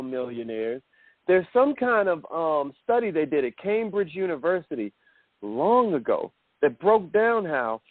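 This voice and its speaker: Lively male call coach, fairly high voice with swooping pitch, dry phone-line sound. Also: no echo. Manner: animated, addresses listeners as millionaires. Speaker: self-development coach. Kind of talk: motivational call training.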